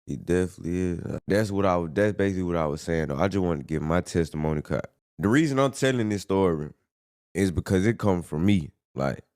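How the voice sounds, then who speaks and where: Man telling his testimony, very deep, dry close-miked, earnest and rambling. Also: expressive, fairly quick, darkish tone, no room sound. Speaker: podcast guest giving testimony. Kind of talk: casual conversation.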